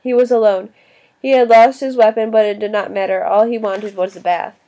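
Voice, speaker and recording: A woman narrating an audiobook in an even reading voice, now and then restarting a word. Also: mid-range voice, a little fast. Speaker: audiobook reader.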